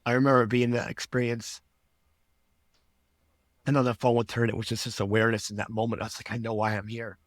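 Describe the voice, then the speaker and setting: A man's voice: mid-range voice, little pitch movement, fast, pauses often, dry recording. A man who works as a life coach, telling a personal story as a podcast guest, earnest and rambling, acting out his past thoughts in quotes.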